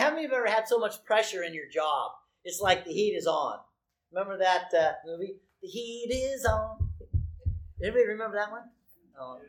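A man in his sixties preaching a sermon, animated and conversational, with frequent asides to the congregation. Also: high-pitched. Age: 60s. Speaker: pastor.

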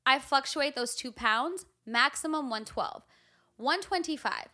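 A young woman co-hosting a casual chat, telling a story with lively, swearing candor. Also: high voice, measured pace. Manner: animated storyteller, swears freely. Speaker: podcast co-host.

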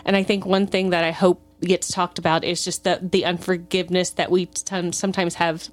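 A woman's voice: lowish voice, level tone, brisk. A woman co-hosting a faith podcast, talking in an earnest, rambling way with fillers and restarts. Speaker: podcast co-host. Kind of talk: casual chat.

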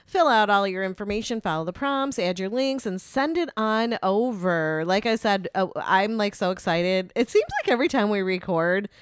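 A woman's voice: medium pitch, expressive, moderate pace, few pauses, clean tone, dry recording. A woman co-hosting a radio show, chatting casually in a rambling, laughing way, a little stuffy in the nose. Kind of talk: casual chat.

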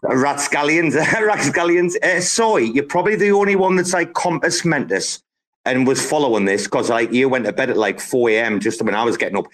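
A man's voice: mid-range voice, a little fast. Boisterous swearing man hosting a chat. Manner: boisterous, swearing, laughing often. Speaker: host. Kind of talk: casual live audio chat.

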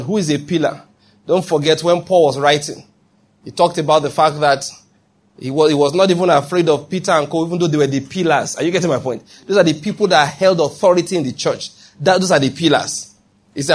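A man's voice: fairly high pitch, fairly quick, breathy edge. A man preaching a sermon in a conversational way, acting out quoted voices and often checking that listeners follow. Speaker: pastor.

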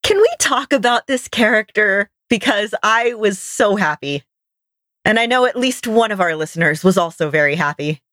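A woman's voice: mid-range voice, lively intonation, normal speed, a bit bright, no room sound. A woman co-hosting a podcast, talking casually and laughing easily as she recaps an episode. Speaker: podcast co-host. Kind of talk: casual chat.

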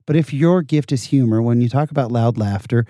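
Mellow-voiced man telling lively anecdotes. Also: mid-range voice, fairly quick, no echo, studio quality. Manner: animated anecdotal storytelling, self-deprecating. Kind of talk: casual conversation.

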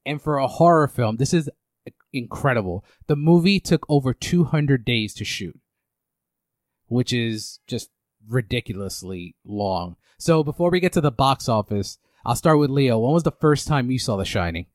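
A man's voice: medium pitch, animated, moderate pace, dry recording. A man hosting a casual movie podcast, recapping film history in a rambling way with many restarts. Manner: rambling, lots of fillers and restarts. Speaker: podcast host.

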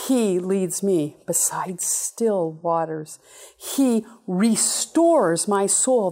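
A woman preaching a sermon in an animated, playful way, with sudden high exclamations. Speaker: speaker giving a talk.

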